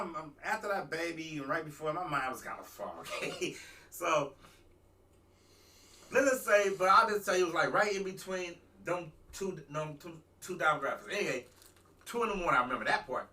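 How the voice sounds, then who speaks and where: A man, a talk show host, telling a rambling, animated story in a casual talk-radio monologue. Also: on the high side, recorded from a distance. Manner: rambling, animated, restarts and asides.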